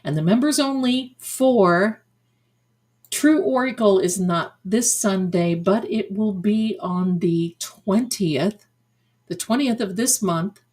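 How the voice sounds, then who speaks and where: This psychic medium, an older woman with a medium-pitched and slightly mellow voice, hosts a livestream. She keeps things chatty and gushing, calling viewers pet names such as "my darling."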